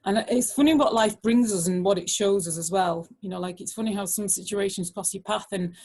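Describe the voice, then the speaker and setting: Husky lady, middle-aged, guest speaker telling a story, lots of "like". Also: mid-range voice, brisk. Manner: animated, full of "like" fillers, acts out voices. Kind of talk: personal storytelling talk.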